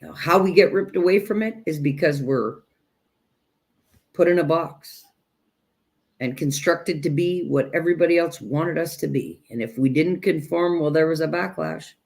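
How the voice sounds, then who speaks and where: A woman teaching self-growth in a direct spiritual talk, speaking emphatically and deliberately and addressing listeners as "you guys". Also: sits low, creaky, a little mellow.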